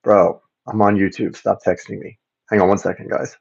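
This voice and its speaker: A man's voice: fairly low pitch, little pitch movement, moderate pace, gravelly, a little mellow, slightly rough. A man from Florida hosting a casual tarot livestream from his home, chatting and rambling, often repeating words and greeting viewers by name. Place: home, indoors. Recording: slightly dull livestream audio.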